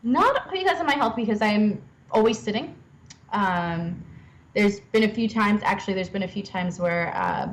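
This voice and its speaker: A woman's voice: fairly low pitch, low-quality recording. Chatty young woman podcast guest. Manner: chatty, self-deprecating, laughs often. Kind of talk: casual interview chat.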